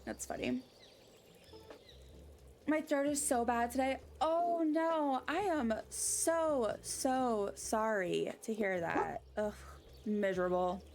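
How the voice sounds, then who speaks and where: A woman's voice: on the high side, takes it slowly, a little mellow, slight background noise. A woman streaming a game, chatting casually and rambling off on tangents while she answers her chat. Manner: rambling, easily sidetracked chatter; reads chat aloud and answers it.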